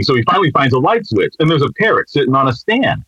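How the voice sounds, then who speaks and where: A man who is a guest musician, telling a joke in a lively, animated way. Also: medium pitch, quick pace, slightly rough, no room sound. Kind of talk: casual conversation and joke-telling. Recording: dry, slightly dull audio.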